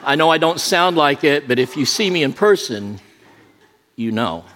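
Preaching in a church sanctuary, a middle-aged associate pastor blends his sermon with humorous, self-deprecating anecdotes. His voice is on the high side, animated, fairly bright, and moderately paced, carrying long reverb from the large church plus a little hiss or hum.

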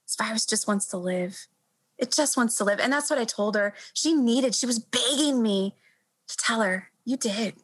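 Earnest, halting woman doctor, high voice. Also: low-quality recording. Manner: earnest, halting, repeats words while thinking. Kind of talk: reflective interview answer.

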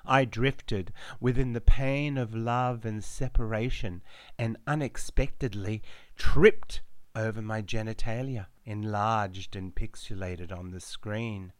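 A man reading a surreal story in a deadpan, matter-of-fact tone. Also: on the low side, takes it slowly, no echo. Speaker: narrator. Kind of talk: scripted narration.

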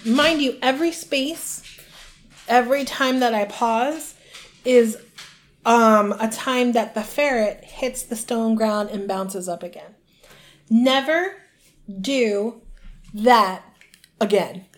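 A woman co-hosting a podcast, retelling a book chapter in casual chat and acting out the characters' lines in quick put-on voices. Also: a little high. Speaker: podcast co-host.

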